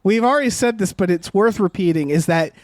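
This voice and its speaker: A man with a high voice rants sarcastically while co-hosting a movie podcast. His tone is animated and exasperated, and the sound is dry and close with no room around it. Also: brisk, dry recording. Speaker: podcast co-host. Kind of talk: casual movie commentary.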